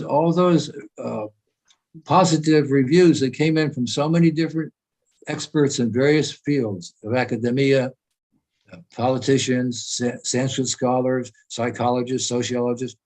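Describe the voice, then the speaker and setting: In a rough recording, an elderly American man in his eighties delivers an informal meeting talk by video call, emphatic and wandering. As a senior devotee speaker, he uses a medium-pitched, slightly mellow voice at a moderate pace.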